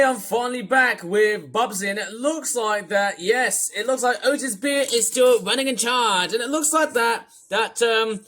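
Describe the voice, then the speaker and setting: A man talks through a rambling reaction commentary, exasperated and swearing freely. His voice is bright and cutting. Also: very high-pitched. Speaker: video commentator.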